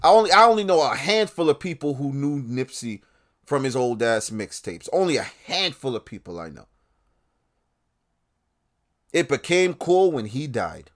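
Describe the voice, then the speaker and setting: A man hosting his own independent podcast, ranting with a lot of profanity, swinging between loud outbursts and low muttering. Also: big pitch swings, moderate pace, long pauses. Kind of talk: podcast rant.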